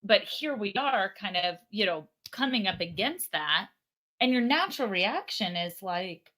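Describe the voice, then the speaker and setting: A woman co-hosts a workshop talk, and her bright voice rises and falls a lot as she chats. She keeps chiming in to agree with her partner. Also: medium pitch, lively intonation, measured pace. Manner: chatty, agreeing with short interjections. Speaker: podcast co-host.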